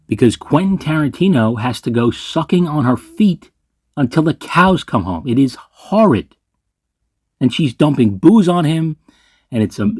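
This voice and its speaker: A man's voice: medium pitch, darkish tone, dry recording. Male movie reviewer, sarcastic rant, swears, dry close sound. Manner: sarcastic, ranting, swears freely. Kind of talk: ranking list commentary.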